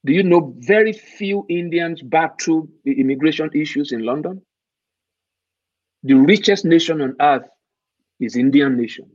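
A man's voice: on the high side, moderate pace, a little mellow, dry recording. A man from Nigeria, speaking emphatically as an interview guest and posing rhetorical questions. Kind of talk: conversational interview. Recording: dull, muffled dry sound.

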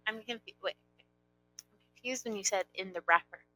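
A young woman co-hosting a casual chat, teasing and quick to question. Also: medium pitch, sharp tone, no echo, rough recording. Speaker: co-host.

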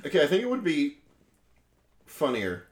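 A man's voice: a little high, normal speed, slight background noise. A man joking sardonically with friends on a casual podcast in a hot basement. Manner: sardonic, animated storyteller. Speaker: podcast co-host. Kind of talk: casual banter while watching a show. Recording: echoey room.

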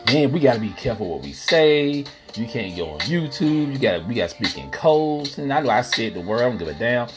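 A man hosting a podcast, ranting casually and profanely while addressing listeners as y'all. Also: lowish voice. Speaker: podcast host. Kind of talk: casual solo rant. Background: music playing.

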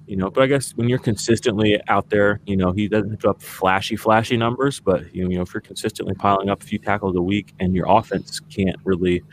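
A man's voice: fairly low pitch, fairly even intonation, fairly quick, hardly any pauses, slight background noise. A man co-hosting a podcast, chatting casually and ranting with exasperation, full of fillers. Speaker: podcast co-host. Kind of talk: casual sports podcast chat.

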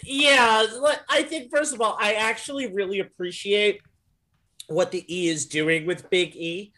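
A man co-hosting a podcast in casual chat, opinionated and animated, laughing often. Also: high voice, measured pace. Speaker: podcast co-host.

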